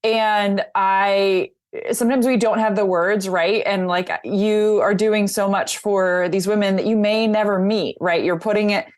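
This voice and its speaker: A woman's voice: medium pitch, steady tone, measured pace. A woman hosting a podcast interview, asking long, encouraging questions in a rambling way. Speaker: podcast host.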